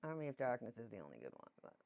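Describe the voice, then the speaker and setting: A woman's voice: extremely low pitch, big pitch swings, racing, darkish tone. A woman from Massachusetts co-hosting a podcast, chatting loosely and laughing often. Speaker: podcast co-host. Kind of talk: casual chat. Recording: dull lo-fi sound.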